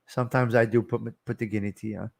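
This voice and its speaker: A man's voice: lowish voice, steady tone, fast, vocal fry. A middle-aged man, rambling and teasing viewers by name as he hosts a casual live stream. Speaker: livestream host.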